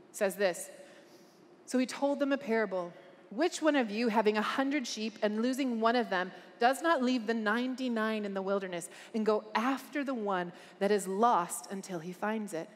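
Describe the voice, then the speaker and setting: A woman's voice: fairly high pitch, long reverb tail. A woman speaking at a conference, preaching with earnest emphasis and asking the crowd questions. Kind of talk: preaching a talk. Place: large conference hall.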